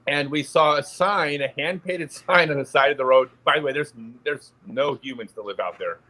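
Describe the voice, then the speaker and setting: A man's voice: a little high, moderate pace. A man, a podcast guest, telling an anecdote in casual chat and laughing in the middle of his sentences. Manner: animated storyteller, laughs mid-sentence.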